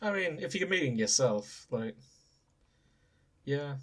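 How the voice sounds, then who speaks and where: A podcast co-host reading fanfiction summaries in casual chat, enthusiastic and quick to giggle. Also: mid-range voice, lively intonation.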